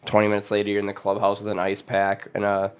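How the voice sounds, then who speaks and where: A man's voice: fairly low pitch, completely flat delivery, quick pace, clear, resonant tone. A man hosting a podcast in casual chat, telling rambling stories, laughing often and swearing freely. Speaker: podcast host.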